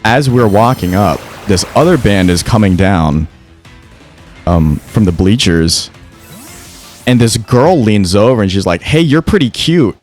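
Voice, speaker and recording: A man's voice: fairly low pitch, expressive, unhurried, darkish tone, faint music behind. A young man telling a story casually on a gaming podcast, swearing freely and often restarting and stammering. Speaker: podcast co-host.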